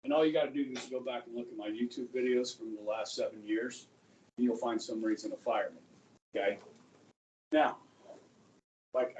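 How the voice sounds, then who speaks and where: A middle-aged man teaching a high school history class, chatting and joking, often checking in with his students. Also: mellow, slight background noise. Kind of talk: classroom lecture. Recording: echoey classroom, voice from far off.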